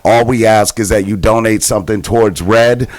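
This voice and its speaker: A man's voice: fairly low pitch, steady tone, normal speed, no room sound. A man co-hosting a casual podcast interview, talking in a laid-back, slangy way. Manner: laid-back, slangy, keeps asking "you know what I mean". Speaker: podcast co-host.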